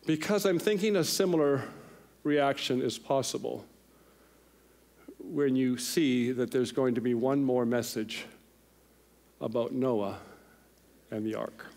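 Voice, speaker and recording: A middle-aged man preaching a sermon in a church, telling a personal story with lively, animated delivery and voicing the people in it. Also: mid-range voice, slow, creaky, pauses often. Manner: animated storyteller, voices others in the tale. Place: church sanctuary.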